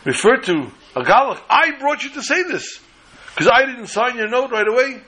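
A man's voice: high voice, moderate pace, bright, forceful tone, pitched above the performer's own voice, poor audio. A man doing anguished old rabbi Zusha. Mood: distraught. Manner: wailing, pleading self-reproach. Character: anguished elderly male rabbi, remorseful.

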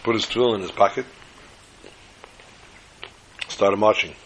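Gravelly-voiced man telling a story. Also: fairly low pitch, steady tone, unhurried, a little hiss or hum, poor audio. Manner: dramatic, repetitive storytelling. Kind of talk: religious storytelling.

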